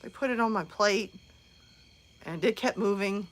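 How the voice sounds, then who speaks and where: A woman's voice: medium pitch, normal speed. A woman in her thirties hosting a casual live stream from home, chatting and answering viewers' comments.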